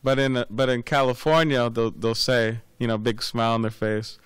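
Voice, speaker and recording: A man's voice: mid-range voice, flat delivery, normal speed, clear, resonant tone, no echo. A man giving a scripture class, rambling and repeating words with many fillers, telling anecdotes. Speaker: class speaker.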